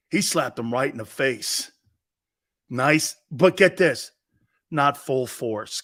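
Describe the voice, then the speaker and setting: A man hosting a live sports talk show, loud, joking and blunt, laughing often. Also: medium pitch. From lives in Florida.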